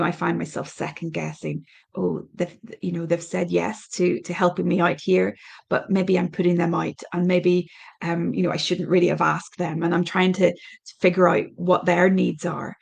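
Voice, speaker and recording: Irish woman, middle-aged, solo podcast host; husky, creaky delivery, thoughtful and halting. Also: on the low side, a little mellow. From Ireland. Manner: thoughtful, hesitant with many ums and restarts. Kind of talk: reflective solo podcast talk.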